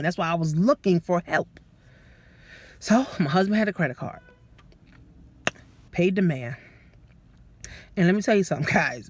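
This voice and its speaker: Brief: woman business coach, lively and profane, motivational talk to camera. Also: mid-range voice. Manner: animated and profane, addresses listeners as guys.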